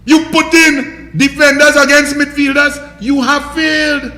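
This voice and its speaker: A man's voice: very high-pitched, level tone, measured pace, hardly any pauses, bright, forceful tone, reverberant. A man with a Trinidadian accent giving a scornful, mocking political rant, hammering his points with emphasis. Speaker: political commentator. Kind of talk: ranting political commentary.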